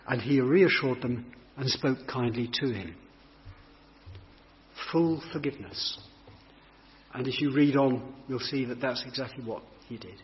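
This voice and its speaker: Animated yet unhurried, a male preacher with a mid-range voice reads from the Bible and then reflects on the passage, explaining it thoughtfully and leaving long pauses. There's slight background noise, long hall reverb, and dull lo-fi sound.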